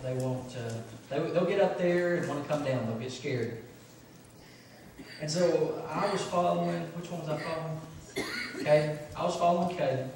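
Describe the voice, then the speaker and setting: A man's voice: on the high side, a little hiss or hum. A man, preaching a conversational sermon full of fillers and personal stories. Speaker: pastor. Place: church sanctuary. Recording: very echoey church from far off.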